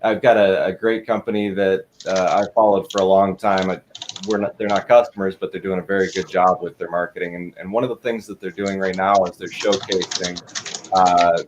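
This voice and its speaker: A man from Michigan, a guest, giving earnest, measured answers about industrial marketing. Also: low voice, little pitch movement, a little hiss or hum. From Michigan, USA. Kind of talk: interview answers.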